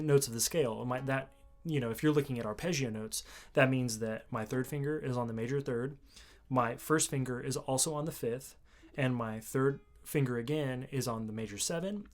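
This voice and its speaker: A man giving a casual video lesson on the mandolin, explaining in a relaxed way with fillers and restarts. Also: mid-range voice, fairly quick. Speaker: mandolin teacher. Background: mandolin playing between phrases.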